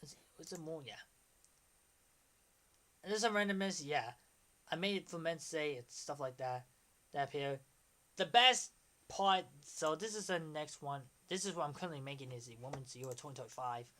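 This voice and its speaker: Young male streamer, 20s, bright rambling excitable delivery, casual commentary. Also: a little high, a little fast.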